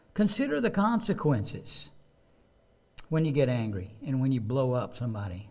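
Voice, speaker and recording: A man's voice: mid-range voice, animated, normal speed, dark tone. A man preaching a sermon in a conversational way, often repeating words and asking his listeners questions. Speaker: pastor. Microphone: microphone with a loose connection.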